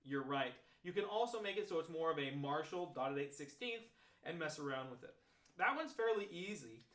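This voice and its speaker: A man teaching trombone practice techniques, talking step by step through examples in a relaxed, explanatory way. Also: a little high, moderate pace. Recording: roomy echo.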